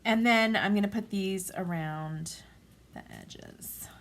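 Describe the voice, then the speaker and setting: A woman in her forties talking through a craft tutorial at home in a gentle, calm, chatty way. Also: mid-range voice, slow, gravelly. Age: 40s. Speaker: craft vlogger.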